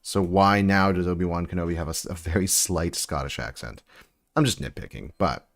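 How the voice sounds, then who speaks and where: A man's voice: deep voice, fairly quick, gravelly. A man hosting a casual building live stream, rambling and chatting with viewers as he works. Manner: chatty, rambling, answers chat while building. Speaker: livestream host building sets.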